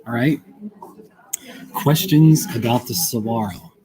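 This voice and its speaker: Speaking slowly at a medium pitch, a man hosts a casual livestream from a busy coffee shop, reading questions aloud in a chatty, playful way. Loud crowd chatter from the café fills the background.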